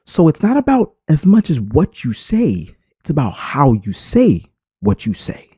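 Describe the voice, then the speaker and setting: Emphatic man with a lively, swinging voice. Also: on the high side, a little slow, breathy edge, no echo, clean studio sound. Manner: unscripted, emphatic, swings inflection for effect. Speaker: YouTube creator. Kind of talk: screen-recorded tutorial talk.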